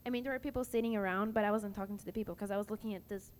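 A woman's voice: mid-range voice, steady tone, very fast. A young woman on a youth panel telling a personal story in a chatty way, full of "like". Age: young adult. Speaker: panel speaker. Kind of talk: testimony to a youth audience. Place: large hall at a youth camp. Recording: echoey hall, faint background noise.

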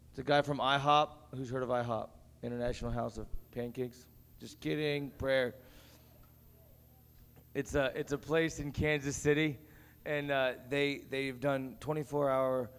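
A man's voice: medium pitch, vocal fry. A young man moderating a youth panel, upbeat and joking as he asks the crowd for questions. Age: young adult. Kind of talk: casual panel talk with an audience. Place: camp meeting hall. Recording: echoey hall with faint background noise.

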